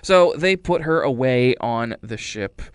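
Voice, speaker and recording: Casually retelling a movie's plot, this male movie reviewer rambles wryly and acts out lines in silly voices. He has a medium-pitched, animated voice and speaks a little slowly. There's slight background noise.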